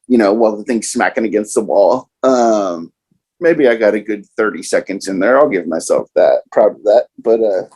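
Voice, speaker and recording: A young man casually telling a profane personal story, animated and acting out other people's lines. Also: fairly low pitch, husky, poor audio. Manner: profane, animated, quotes others in raised voices.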